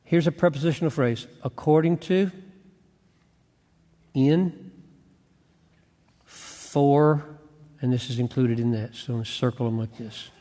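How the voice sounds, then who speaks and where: A man's voice: medium pitch, measured pace, pauses often, mellow. A man giving an earnest Bible teaching lecture, asking rhetorical questions and restarting phrases as he thinks aloud. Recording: long hall reverb.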